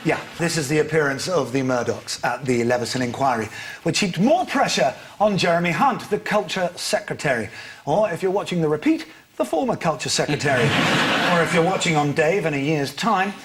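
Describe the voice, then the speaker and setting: A man's voice: a little high, lively intonation, a little fast, fairly bright tone, a little hiss or hum. A man hosting a comic panel show, delivering scripted jokes in a dry, wry way in a TV studio. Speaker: host. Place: TV studio with live audience.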